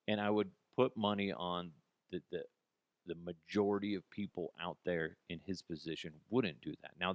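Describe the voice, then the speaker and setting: A man's voice: sits low, no room sound. A man hosting his own podcast, ranting in a blunt, mocking way with lots of restarts. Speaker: podcast host. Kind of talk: casual solo podcast rant.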